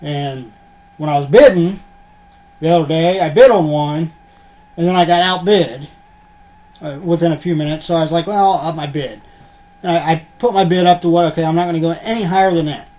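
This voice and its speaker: Rambling, slightly higher-voiced man vlogging. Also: a little fast, a little mellow. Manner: rambling, filler-heavy, mildly profane. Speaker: unboxing vlogger. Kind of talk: casual rambling unboxing chat. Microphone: computer webcam.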